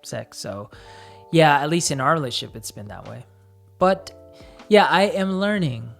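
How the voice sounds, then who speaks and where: A man co-hosting a relaxed conversation with his partner. He thinks aloud, halting and restarting with plenty of fillers. Soft music plays faintly underneath. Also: a little high, vocal fry. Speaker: co-host. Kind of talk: casual couple chat.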